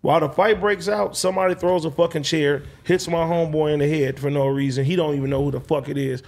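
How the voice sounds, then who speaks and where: A man's voice: a little high, steady tone, quick pace, gravelly, a little mellow. A man telling a long personal story in casual, slang-heavy, swearing chat.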